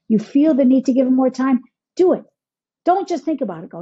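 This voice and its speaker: A high-voiced woman with a husky, breathy tone and a mellow, dark color. She is a healer and coach talking through a conversational interview, acting out people's inner self-talk in quoted voices. The recording sounds dull and lo-fi. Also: very animated, a little fast. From Michigan, United States.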